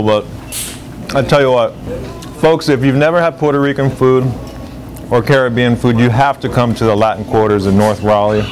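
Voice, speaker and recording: A man's voice: medium pitch, fairly even intonation, moderate pace, a little hiss or hum, low-quality recording. A man hosting a food show on location, tasting dishes and exclaiming over them with enthusiasm.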